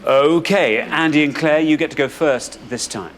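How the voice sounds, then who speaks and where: A man with an English accent hosting a quiz show, brisk and upbeat, building suspense before each reveal. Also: on the high side. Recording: studio audience and background noise.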